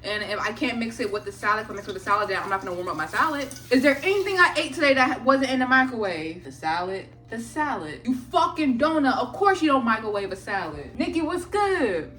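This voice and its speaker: A young woman cooking in her home kitchen rattles off each step in a chatty, jokey, foul-mouthed vlog. Her fairly high voice is animated, fast, pushed and bright with hardly a pause, and the rough audio comes from a phone charging far from the stove.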